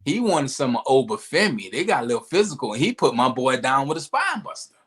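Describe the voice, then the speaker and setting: A young man co-hosting a podcast, recapping wrestling in lively casual chat with playful asides. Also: mid-range voice, fairly quick, slight background noise. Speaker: podcast co-host.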